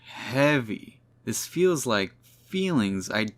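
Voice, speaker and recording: A man voicing a flamboyant, unhinged female comic-book villain, reading her lines with small lifts in pitch. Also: very animated, takes it slowly. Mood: airy scheming.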